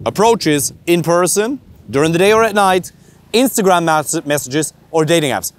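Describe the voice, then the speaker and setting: A man's voice: fairly high pitch, animated, normal speed. Blunt German-accented male dating coach. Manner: blunt, emphatic, swears casually, rhetorical questions. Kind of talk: direct-to-camera coaching monologue.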